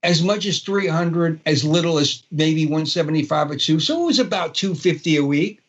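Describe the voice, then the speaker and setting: Older man, Brooklyn accent, rambling storyteller, fairly high voice, dull lo-fi sound. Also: lively intonation, normal speed. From Brooklyn, New York. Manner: rambling, many fillers and restarts. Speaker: guest guitarist. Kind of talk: casual storytelling interview.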